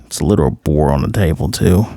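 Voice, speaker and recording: A TV series reviewer with a rumbling low, gravelly, warm voice talks fast in a clean studio recording with no echo. He casually recaps and reviews an episode in slangy, profane language, acting out the characters' lines as he retells the scenes.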